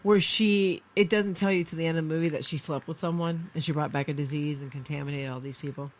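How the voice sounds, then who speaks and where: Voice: mid-range voice, fast talker, a little hiss or hum. A podcast co-host in a studio, chatting casually and animatedly, firing off questions. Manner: animated, asks many questions. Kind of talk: casual chat.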